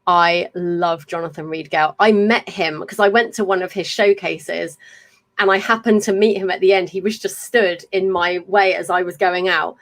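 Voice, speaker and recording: A woman's voice: fairly low pitch, steady tone, normal speed. An English woman in her thirties hosting a podcast, talking in a chatty, effusive way with rambling stories. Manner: chatty and effusive, tumbling storyteller. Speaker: podcast host. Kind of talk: casual live chat.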